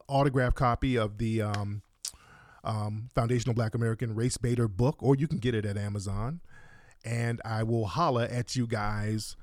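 A man hosting a casual call-in livestream, talking in a calm, laid-back way. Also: lowish voice, no echo. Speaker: call-in show host.

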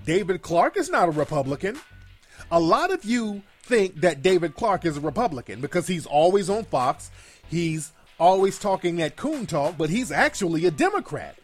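A man hosting a call-in livestream show, delivering blunt, profane, emphatic commentary that repeats its key phrases for force. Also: fairly high pitch.

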